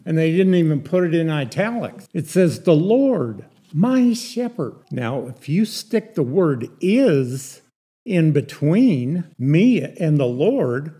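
A man's voice: on the high side, big pitch swings, slow, mellow, breathy edge. A man teaching a Sunday morning Bible study, explaining patiently, repeating key points and asking rhetorical questions.

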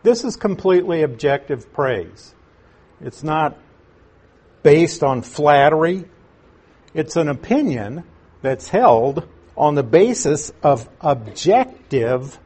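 Slow, husky-voiced male Bible teacher. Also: fairly high pitch, darkish tone. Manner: measured, stresses key words slowly; asks the audience questions.

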